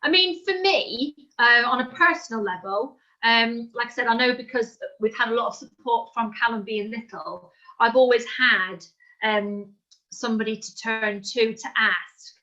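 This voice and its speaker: A woman's voice: on the high side, normal speed, pushed and bright, muffled recording. A woman speaking thoughtfully about the support her family received for her son. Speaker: parent of an autistic son. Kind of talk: casual group chat.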